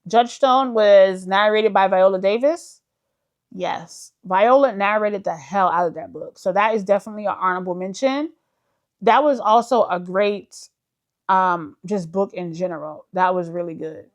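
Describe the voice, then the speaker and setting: A woman's voice: mid-range voice, normal speed, muffled recording. A woman book vlogger in casual chat, enthusiastic and full of fillers, calling her viewers "y'all". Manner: chatty, enthusiastic, uses many fillers like "like".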